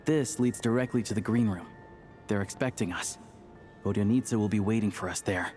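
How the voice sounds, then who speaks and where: An actor playing a calm, friendly young man who works at a theater, in a game. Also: lowish voice, fairly quick, soft background music, close to an everyday voice. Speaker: game character.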